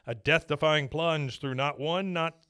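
A man voicing a male animal-show announcer with a grand, drawn-out showman delivery. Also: fairly high pitch, pushed and bright, clear, resonant tone, no room sound, studio quality. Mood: showy.

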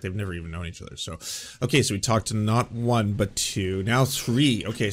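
A man hosting a commentary show, reacting to a clip in a sarcastic, deadpan way. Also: on the low side. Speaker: show host.

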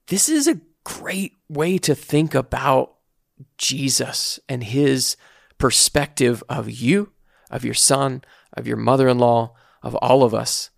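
A man co-hosting a casual podcast, giving earnest, reflective faith advice at a slow, searching pace. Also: mid-range voice, creaky, no echo, studio quality. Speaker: podcast co-host.

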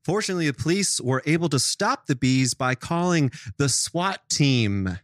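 A man co-hosting a comedy podcast, self-deprecating and quick to exclaim. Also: fairly high pitch, animated, no room sound, clean studio sound. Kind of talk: casual comedy banter, reading jokes.

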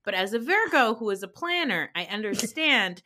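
Young woman co-host, casual podcast chat, very animated delivery and a slightly high voice. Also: moderate pace. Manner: animated, swears freely, acts out quotes.

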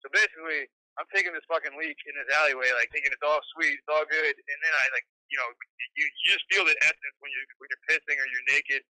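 A young man calling in over the phone, telling a long rambling story with lots of swearing and animated quoting of other people. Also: fairly high pitch, fast, no echo, low-quality recording.

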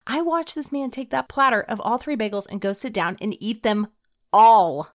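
A woman co-hosting a podcast, telling a story in an animated, laughing, breathless way. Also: a little high, moderate pace. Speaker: podcast co-host. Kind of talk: casual chat, telling a story.

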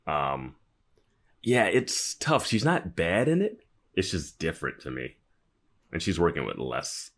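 A man's voice: sits low, wildly swooping pitch, unhurried, long pauses, a bit bright. A man from the US East Coast co-hosting a podcast, chatting casually in a rambling way, with lots of fillers. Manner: rambling, filler-heavy, laughs easily. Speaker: podcast co-host. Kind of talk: casual chat.

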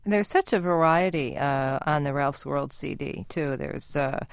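Woman, radio interviewer, friendly and conversational, lowish voice, dry sound. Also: unhurried, vocal fry, clear, resonant tone, no room sound.

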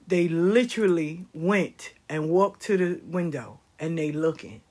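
A middle-aged woman and grandmother telling comic stories in a casual, animated, profane way, swinging between loud exclamations and hushed asides. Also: deep voice, measured pace, hardly any pauses. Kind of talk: casual comic storytelling monologue.

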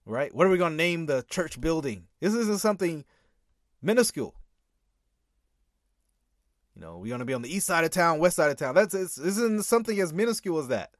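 A man's voice: a little high, big pitch swings, fairly quick, pauses often, no echo, clean studio sound. A man commentating on a sermon clip, reading scripture and arguing back with emphatic repeats and laughter.

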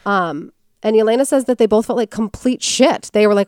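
A woman's voice: mid-range voice, fairly quick, darkish tone, clean tone, no echo, studio quality. A woman hosting a podcast, telling a story in casual chat and acting out quotes in character voices.

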